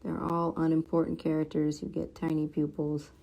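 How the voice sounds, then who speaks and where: Young woman, comic artist, casual stream chatter, lowish voice, murmurs to herself while drawing. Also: completely flat delivery, normal speed, vocal fry. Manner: chatty, mutters softly to herself while working, reads viewer comments aloud.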